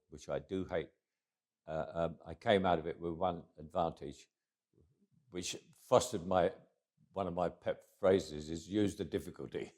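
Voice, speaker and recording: Brief: man in his eighties, interview guest, reflective storyteller, lowish voice. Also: dark tone. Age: 80s. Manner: reflective, repeats words as he restarts.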